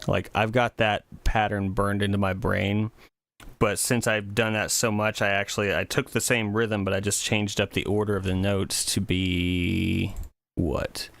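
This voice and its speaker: A man's voice: on the low side, little pitch movement, measured pace, creaky, fairly bright tone, dry recording. A man chatting casually on a music livestream, rambling and thinking aloud with many fillers. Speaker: music streamer.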